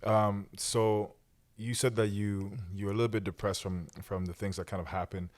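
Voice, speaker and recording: Low-voiced young male podcast host. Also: level tone, normal speed. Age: young adult. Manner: supportive, lots of affirming murmurs. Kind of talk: casual interview.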